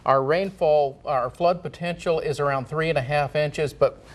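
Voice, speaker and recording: A man giving a local TV weather forecast in a relaxed, folksy way. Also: fairly high pitch, moderate pace. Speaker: TV meteorologist.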